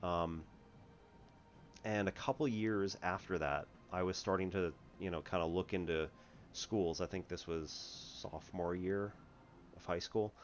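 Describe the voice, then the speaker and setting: A man's voice: deep voice, steady tone, a little slow, muffled recording. A man tutoring math in a casual, rambling way, laughing often and restarting his sentences. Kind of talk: casual lesson chat.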